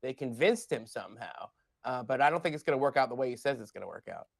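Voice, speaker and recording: A man's voice: mid-range voice, expressive, fast, vocal fry, husky, dry recording. Blunt, wry male political analyst. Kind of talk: live news commentary.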